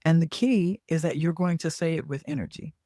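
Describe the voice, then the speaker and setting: A woman's voice: low-pitched, brisk, warm tone, dry recording. A chatty woman talks casually to her listeners and checks in with a frequent "okay?". She corrects herself mid-sentence and then carries on. The sound is dry and close, with no room around it. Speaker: podcast host and business coach. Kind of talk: casual talk.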